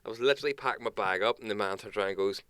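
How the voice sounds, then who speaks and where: Brief: young podcast co-host, low voice, animated swearing storyteller, smooth and dry. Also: male voice, rapid-fire, dry recording. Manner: animated storyteller, swears freely, acts out others' lines. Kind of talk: casual storytelling chat.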